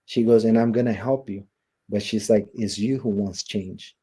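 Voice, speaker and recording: Low dark-voiced man telling his story. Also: steady tone, moderate pace, breathy edge. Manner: casual, storytelling with many quoted exchanges and fillers. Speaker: interview guest.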